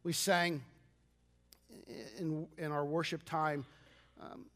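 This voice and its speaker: A man's voice: a little high, flat delivery, slow pace, fairly bright tone, in a large hall. A man preaching a sermon as pastor, earnest, often restarting his words and asking the congregation to repeat lines after him.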